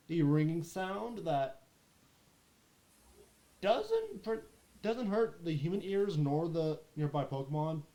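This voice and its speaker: A man narrating as game master of a tabletop role-play session, often pausing and restarting his phrases. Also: fairly high pitch, warm tone.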